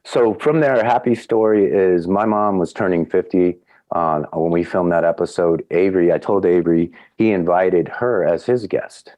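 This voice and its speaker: A middle-aged man with a low, warm voice tells a story to podcast hosts. He acts out the quotes with sudden jumps up in pitch, then drops back into an easy conversational tone. The sound is dry and close to the mic. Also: moderate pace, dry recording. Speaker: podcast guest. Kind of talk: casual anecdote telling.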